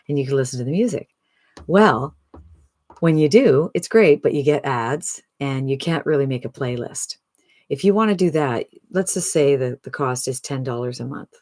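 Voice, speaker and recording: A speaker in their sixties giving an upbeat, chatty sales pitch to camera, often tossing in a rhetorical "right?". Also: moderate pace, darkish tone, no room sound. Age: 60s. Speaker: online business promoter.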